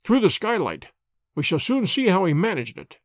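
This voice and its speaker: A man voicing a sharp, decisive male detective in a storybook reading. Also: sits high, very animated, moderate pace, no room sound, studio quality. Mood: commanding. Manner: crisp, decisive.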